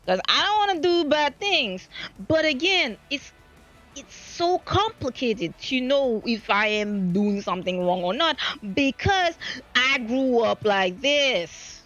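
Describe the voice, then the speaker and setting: Lively French Caribbean Creole-accented woman streamer. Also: sits high, takes it slowly, soft background music. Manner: rambling, self-deprecating, restarts often. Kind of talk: casual chat. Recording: dull lo-fi stream audio.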